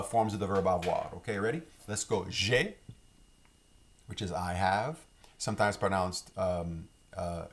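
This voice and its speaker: Relaxed low-voiced Cajun man teaching. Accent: Louisiana Cajun. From Louisiana, Lafourche Parish. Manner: relaxed, rambling, with many fillers and restarts. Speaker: French teacher. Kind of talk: casual online lesson.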